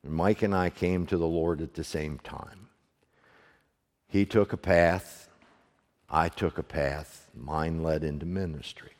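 A middle-aged man preaching a sermon to his congregation, moving from hushed storytelling to loud, fervent preaching. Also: very deep voice, steady tone, slow. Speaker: pastor. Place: church sanctuary, also streamed online. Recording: long hall reverb.

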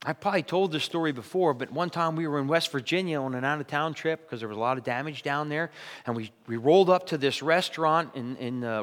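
A middle-aged man preaching a sermon, telling stories in a conversational way that climbs to loud, emphatic peaks. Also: a little high. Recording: long hall reverb.

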